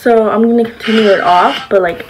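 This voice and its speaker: A woman chatting casually to the camera as a vlogger, her voice sitting a little on the high side. She rambles, backtracks and fills gaps with "like" and "um". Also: steady tone, brisk, noisy background. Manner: rambling, with many fillers like "like" and "um".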